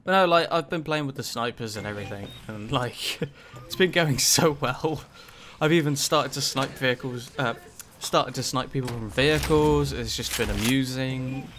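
A man's voice: mid-range voice, moderate pace, hardly any pauses, a bit bright. Guy rambling over his gameplay, lots of ums and likes, swears now and then, faint noise behind. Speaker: gaming channel host. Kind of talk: casual gameplay commentary.

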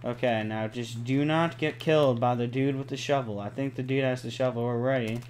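A young man giving live gameplay commentary, excitable, cursing often and pleading with the game. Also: mid-range voice, brisk, a little hiss or hum. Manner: excitable, swears a lot, pleads and groans at the game. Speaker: gaming channel host.

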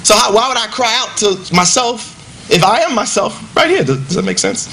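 A man stands up to rebut his opponent, talking in an emphatic, conversational way and firing off rhetorical questions. His voice sits high for a man. A faint noise runs underneath. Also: big pitch swings, normal speed, pushed and bright. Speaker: debater. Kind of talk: debate rebuttal.

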